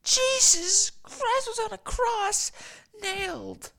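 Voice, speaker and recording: A man doing a sobbing, high-strained sufferer. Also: slow pace, gravelly, bright, forceful tone, heavily acted. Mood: anguished. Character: anguished crucified man, whimpering and starving.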